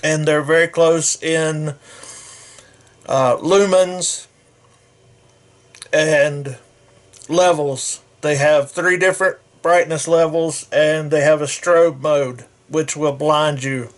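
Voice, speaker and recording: Man in a casual gear review, slow and rambling with a slightly high voice. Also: steady tone. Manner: rambling, self-correcting, folksy.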